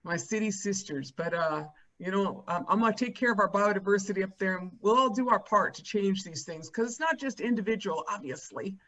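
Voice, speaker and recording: A woman's voice: mid-range voice, fairly quick, hardly any pauses, a bit bright. Woman on a zoom panel talking from home, kinda muffled audio, chatty and wry, lots of "you know". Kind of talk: conversational panel talk. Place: her rural home.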